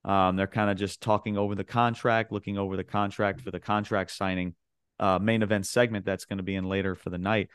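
A man's voice: lowish voice, little pitch movement, fairly quick, clean tone, no echo, studio quality. A man co-hosting a podcast, recapping wrestling in loose, rambling casual chat full of filler words, acting out what people said. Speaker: podcast co-host.

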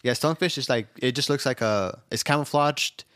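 A young man co-hosting a podcast, telling stories in a quick, profane, laid-back way. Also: mid-range voice, a bit bright, no echo, studio quality. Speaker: podcast co-host. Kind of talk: casual podcast banter.

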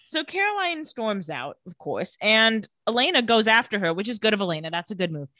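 A woman with a bright, forceful voice retells a TV episode in casual chat. She is animated and slips into the characters' lines as she goes. The recording is dry and close, with no room sound. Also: medium pitch, brisk, no echo.

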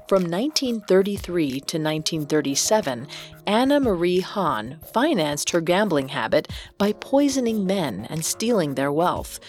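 Woman, low-pitched, animated intonation, true-crime podcast narration, soft music bed. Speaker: podcast co-host.

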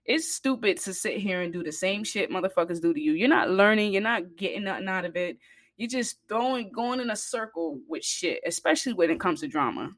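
A woman telling a personal story to her viewers in a casual way, blunt and profane, getting louder and higher when she gets heated. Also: fairly quick, dry recording, studio quality. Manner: blunt, profane and animated, rising in pitch and volume when heated. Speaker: vlogger.

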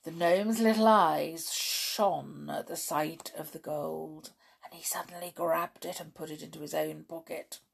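Brief: woman storyteller reading to children, slow and gravelly. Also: deep voice, fairly even intonation. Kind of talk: children's story read aloud.

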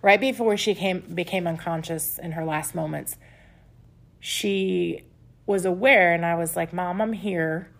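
Woman podcast host, gravelly fry, candid and confessional self-help talk. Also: lowish voice, steady tone, a little slow. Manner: candid, confessional, with soft laughs. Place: home with pets nearby.

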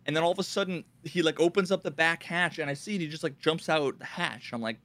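A man co-hosting a casual gaming podcast, telling stories in an animated way and swearing freely. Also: on the high side, fast. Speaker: podcast co-host.

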